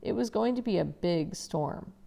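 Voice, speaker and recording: A woman teacher reading a novel aloud in first person, expressive and conversational, with casual asides to listeners. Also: on the low side, moderate pace, creaky.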